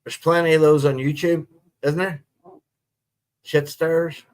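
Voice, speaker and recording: A middle-aged man with a Northern Irish accent, hosting a live stream and chatting casually with viewers in a relaxed, rambling way. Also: a little high, measured pace. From Northern Ireland. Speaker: livestream host.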